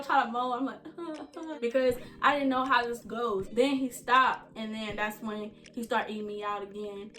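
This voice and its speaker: A woman's voice: a little high, a bit bright. Chatty young woman telling a storytime. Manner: chatty, addresses viewers as y'all and you guys. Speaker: vlogger. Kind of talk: casual storytime.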